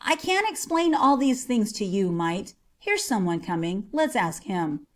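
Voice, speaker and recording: A woman voicing a big, easygoing forest outlaw who speaks calmly and teasingly. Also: mid-range voice, a little slow. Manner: calm, teasing.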